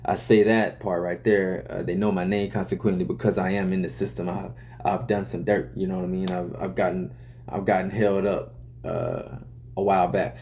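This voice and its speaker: A man's voice: low-pitched, flat delivery, moderate pace, warm tone, a little hiss or hum. A man, a rapper, casually explaining the story behind his song's lyrics in loose, profane talk full of fillers.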